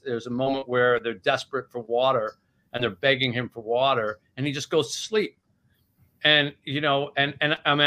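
A man in his sixties, an author, speaks in a mid-range voice that sounds pushed and bright. Chatting casually about his book in an interview, he tells stories with animation, retelling scenes using voices.

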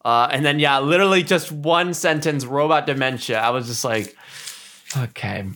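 A man's voice: on the high side, animated, normal speed, sharp tone. A man hosting a casual movie discussion, reading through his notes with frequent chuckles. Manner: reads from notes, chuckles often.

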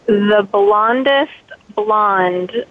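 A woman's voice: mid-range voice, drawn-out words. A woman calling in to a radio show, telling a story in a chatty, rambling way. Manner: rambling, chatty, with fillers and laughs. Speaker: caller, the host's daughter. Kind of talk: casual chat on a phone-in. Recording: tinny phone line.

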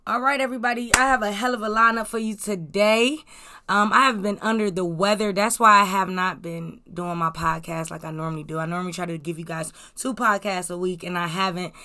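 A woman's voice: mid-range voice, fairly even intonation, brisk, pushed and bright. A young woman talks her way through a celebrity gossip podcast, loose and chatty, dropping plenty of fillers between thoughts. Her voice sits in an ordinary middle range for a woman. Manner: chatty, rambling, many fillers. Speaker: podcast host.

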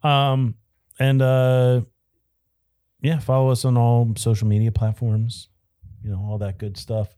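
A man co-hosting a casual beer podcast, relaxed and joking, with lots of ums and uhs. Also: medium pitch, unhurried, long pauses, smooth. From southeastern Pennsylvania. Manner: joking, laid-back, lots of fillers. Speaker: podcast co-host. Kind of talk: casual chat.

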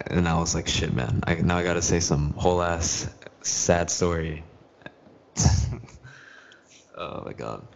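Deep-voiced teenage guy telling a story. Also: steady tone, unhurried, vocal fry, highs cut off, a little hiss or hum. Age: teens. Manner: storytelling, swears freely. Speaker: podcast host. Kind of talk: casual chat.

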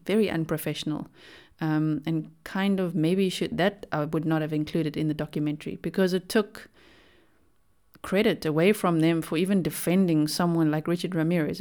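A woman's voice: deep voice, a little mellow. A young adult woman hosting a podcast, giving casual, opinionated commentary with lots of "like" fillers. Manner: chatty, opinionated, many "like" fillers. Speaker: podcast host.

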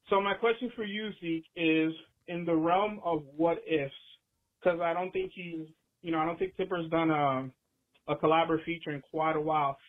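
A man from Boston calling in with a rambling, slang-filled question, excited as he talks. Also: on the high side, moderate pace. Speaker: caller. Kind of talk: casual call-in question. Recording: tinny phone line.

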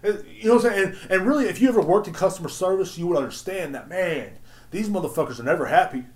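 Male podcast host, solo rant: slangy, swears freely, slightly high voice, roomy echo. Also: fast. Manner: animated, swearing, slangy ranting.

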